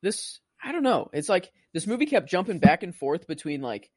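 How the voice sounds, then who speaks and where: A young man rambles excitedly through a movie chat as a co-host, peppering every sentence with "like" and "you know". His voice runs higher than most men's and swings widely in pitch, recorded dry and close. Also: moderate pace, dry recording. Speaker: podcast co-host. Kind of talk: casual movie-review chat.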